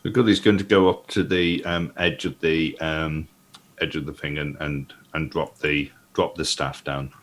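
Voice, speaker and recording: A man's voice: rumbling low, fairly even intonation, moderate pace, fairly bright tone, a little hiss or hum. A man describing his character's actions at a tabletop game in a chatty way. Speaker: player. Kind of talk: casual table talk.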